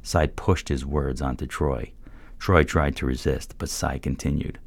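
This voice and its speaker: Very deep, gravelly male narrator. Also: fairly even intonation, normal speed, no echo. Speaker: audiobook narrator. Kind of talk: scripted story narration. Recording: dry close-mic recording.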